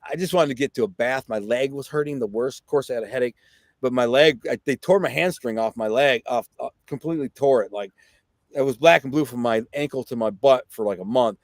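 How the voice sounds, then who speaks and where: A middle-aged man from Detroit recounts a story as a podcast guest. He speaks casually, leans on fillers and acts out what others said. His voice sits at an everyday pitch, recorded close and dry. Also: brisk, dry recording. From Detroit, USA. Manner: vivid, excited storyteller who acts out quotes; conversational, with frequent fillers and "right?".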